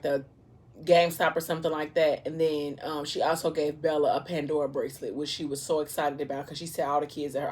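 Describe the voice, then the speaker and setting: A woman vlogger chatting casually over a meal, retelling a story in an animated way with playful asides. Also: low-pitched. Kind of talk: casual storytelling during a mukbang.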